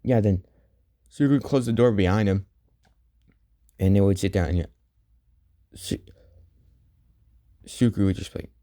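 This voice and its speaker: A man improvising a fan story, rambling and filling pauses with "and yeah.". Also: lowish voice, mellow.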